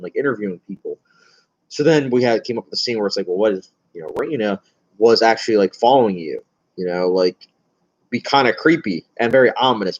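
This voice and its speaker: Muffled recording of a young man with a mid-range voice taking viewer questions on a relaxed livestream. He's chatty and meandering, full of filler words and frequent laughter, and admits to feeling anxious, which shows in his nervous delivery.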